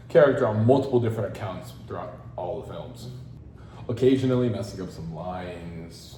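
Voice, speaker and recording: Deep-voiced male student, earnest. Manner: earnest, steady, with small stumbles and restarts. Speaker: student presenting his film project. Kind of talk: interview-style reflection, partly read. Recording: roomy echo with steady background noise.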